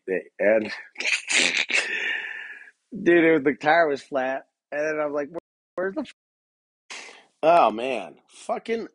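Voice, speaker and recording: A man's voice: fairly low pitch, breathy edge, dry recording. A man hosting his own podcast, rambling through a profane solo rant, laughing often and restarting his sentences. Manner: halting, many restarts and fillers. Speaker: podcast host.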